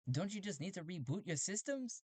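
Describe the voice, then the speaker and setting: A quirky collector robot , put on by a man, chatters in a high, squeaky voice that jumps all over the place. It rambles eagerly and sounds a little odd, as if it is always on the edge of getting carried away. The voice is dry and close, with no room sound around it. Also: brisk, no echo. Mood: cheerful. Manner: high-pitched, excitable and rambling.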